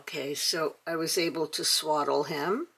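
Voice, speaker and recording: A woman's voice: low voice, fairly even intonation, moderate pace, creaky, fairly bright tone, slightly rough. An older woman hosting a casual toy unboxing, chatty and gushing, with many fillers. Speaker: toy channel host.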